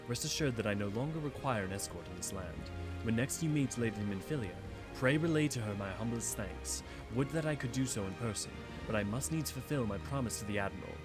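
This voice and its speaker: A man voicing a reserved female ninja from a far land, speaking in courteous, archaic, measured phrases. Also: medium pitch, close to an everyday voice. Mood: formal.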